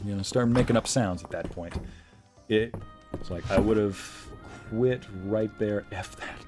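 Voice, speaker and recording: A man's voice: on the low side, normal speed. A man streaming a game, telling a story in casual chat and acting out the quoted lines in a raised voice. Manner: animated, acts out quotes in a raised voice. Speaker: streamer and narrator. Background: faint background music.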